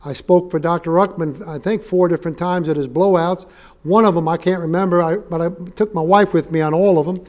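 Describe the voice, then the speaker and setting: A man's voice: sits high, steady tone, a little fast, darkish tone. A man preaching a sermon as a guest preacher, folksy and joking, turning emphatic when he reads scripture. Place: church sanctuary.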